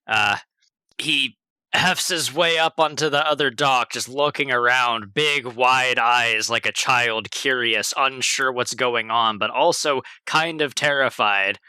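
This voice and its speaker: A man describing his character in a tabletop game, relaxed and casual. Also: mid-range voice, a little slow, clear, resonant tone, no echo. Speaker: player.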